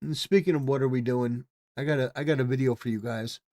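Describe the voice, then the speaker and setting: A man's voice: mid-range voice, fairly even intonation, fast, darkish tone, dry recording, studio quality. A man hosting a political commentary livestream, talking casually with rambling, stammering restarts and swings from mumbling to emphatic.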